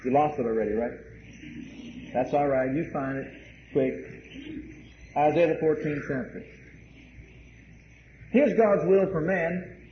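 Male pastor, high voice, emphatic sermon delivery, echoing room with a dull recording. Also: unhurried, pauses often. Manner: emphatic, repeats key phrases; addresses the congregation directly. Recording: roomy, dull, faint hiss.

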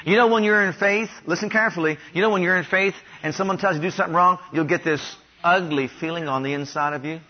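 A man from Ohio preaches a sermon in a high voice, leading the congregation in call-and-response declarations. He grows louder and higher as he repeats them. The recording sounds dull and lo-fi. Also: quick pace, few pauses. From Ohio, USA. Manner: has the congregation repeat declarations after him.

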